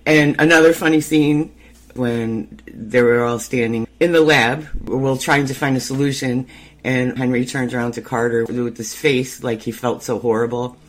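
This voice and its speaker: A man's voice: mid-range voice, steady tone, normal speed. A man hosting a podcast, chatting casually through an episode recap and laughing easily. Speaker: podcast host.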